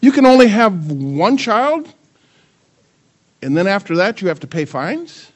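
On a muffled recording, an older pastor with a high-sitting voice preaches a sermon a little slowly. Full of energy, he fires rhetorical questions at the congregation, asks the audience many questions, and banters with his grandchildren.

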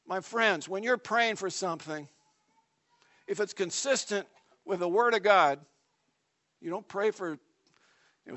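A man with a notably high voice preaches a sermon to his congregation. He talks in a conversational, animated way and often breaks off for dramatic asides. His loudness swings from soft, intimate remarks to emphatic lines. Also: normal speed, long pauses. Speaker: pastor.

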